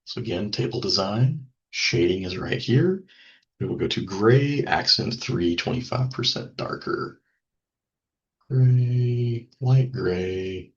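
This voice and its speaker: A man teaching a software lesson over a screen recording, thinking aloud with ums and small self-corrections. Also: on the low side, lively intonation, takes it slowly, lo-fi sound. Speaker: instructor.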